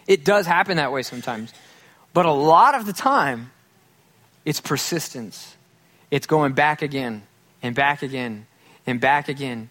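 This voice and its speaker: A man's voice: fairly high pitch, expressive, normal speed, fairly bright tone. A man preaching a casual, humorous sermon to a congregation, acting out little quoted scenes as he goes. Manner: casual, joking, acts out quotes. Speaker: pastor. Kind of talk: conversational sermon.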